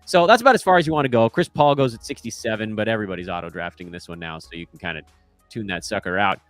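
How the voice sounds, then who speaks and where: A man's voice: on the low side, lively intonation, fast, dry recording, faint music behind. A man in his thirties hosting casual commentary into a microphone, offhand and self-deprecating. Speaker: host.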